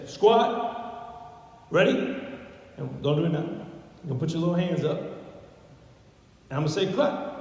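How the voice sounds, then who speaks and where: A man giving an upbeat corporate talk, barking drill-style commands at the audience. His voice sits a little high and carries from a distance. It rings through a big, echoing hall. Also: mellow. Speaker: company executive presenter. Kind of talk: motivational corporate presentation. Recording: echoey hall, speaker far from mic.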